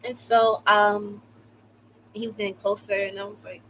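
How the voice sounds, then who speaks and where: A young woman from the United States telling a personal story in a casual, slangy way, with sudden loud outbursts. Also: mid-range voice, moderate pace, slight background noise, low-quality recording. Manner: animated, slangy, swings into loud exclamations. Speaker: vlogger.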